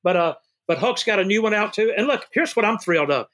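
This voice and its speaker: Fast-talking and high-voiced, this bright, excitable older man is an interview guest who used to manage wrestlers. He tells animated stories, shouting "woo" and calling folks baby and brother.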